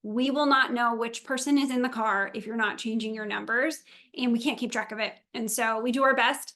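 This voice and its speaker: Briefing volunteers and drivers over a video call, a woman organizer keeps things cheerful, talkative and practical. She speaks a little high with fairly even intonation, briskly, in a pushed, bright voice.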